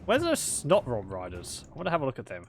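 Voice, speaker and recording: A man's voice: mid-range voice, wildly swooping pitch, fast talker, faint music behind. A man giving casual, wry let's-play commentary on a strategy game, chatting and laughing along.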